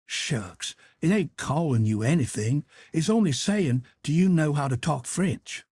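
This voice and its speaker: A man's voice: on the high side, lively intonation, a little slow, a little mellow, breathy edge, no room sound, clean studio sound, heavily acted. A man reading an audiobook, voicing a curious young boy who reasons earnestly and asks pointed questions. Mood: reasoning.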